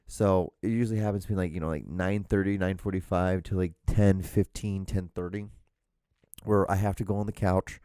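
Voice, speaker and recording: A man's voice: low voice, fairly even intonation, moderate pace, dark tone, clear, resonant tone, dry recording, studio quality. A man hosting a casual solo podcast from a small room at home, rambling with restarts and the odd swear word. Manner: rambling, self-interrupting, with frequent restarts and swearing. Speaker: podcast host. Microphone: podcast microphone.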